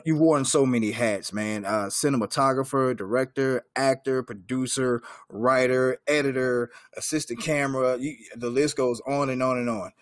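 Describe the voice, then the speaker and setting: A man hosting a podcast interview, talking in a relaxed, halting way with lots of fillers. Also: medium pitch, no room sound, clean studio sound. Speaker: podcast host. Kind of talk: casual interview chat.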